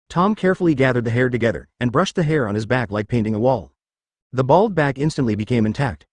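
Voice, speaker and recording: A man reading a fan fiction story aloud in an even, flat cadence. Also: mid-range voice, no echo, clean studio sound. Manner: reads page artifacts and sound words flatly, even cadence. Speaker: narrator.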